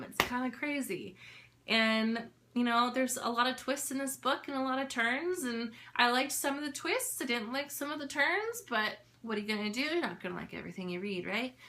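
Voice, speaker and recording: A young woman talks straight to the camera about a book she has read, in a casual, candid review. Her voice sits a little high and has a bright, forward edge. She chats freely and fills her sentences with little fillers. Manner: chatty, lots of "like" fillers, candid. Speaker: book vlogger.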